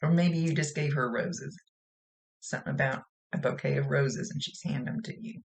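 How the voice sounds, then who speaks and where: A woman's voice: low voice, moderate pace, vocal fry. A woman working as a psychic medium, giving a casual reading in a chatty, folksy, rambling way.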